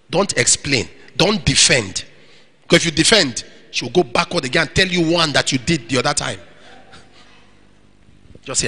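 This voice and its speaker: Preacher, male, high and expressive voice, animated sermon to singles, long hall reverb. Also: normal speed, husky. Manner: animated preaching, acts out little scenes. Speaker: pastor. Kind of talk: sermon to young single men.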